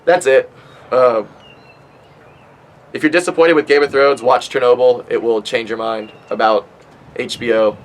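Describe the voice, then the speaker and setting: A man's voice: mid-range voice, fairly even intonation, normal speed, long pauses, poor audio. A man in his twenties hosting a podcast, rambling casually with lots of swearing and fillers, stoned. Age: 20s. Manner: profane, rambling, with many fillers. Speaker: podcast host.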